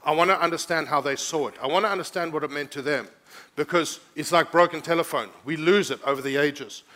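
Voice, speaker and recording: A man's voice: fairly high pitch, brisk, pushed and bright. A man preaching a sermon as pastor, teaching scripture and rising to urgent, emphatic preaching, often asking the congregation to respond.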